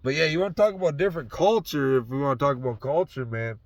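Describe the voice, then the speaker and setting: A man's voice: mid-range voice, fast talker, no room sound. A man in his truck talking in a loose, rambling monologue, swearing heavily and slipping into a half-faked Southern drawl. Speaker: vlogger.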